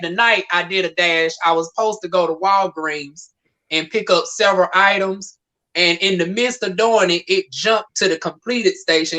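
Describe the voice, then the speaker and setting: Bright, mid-pitched conversational speaker who explains at length. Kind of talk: casual chat.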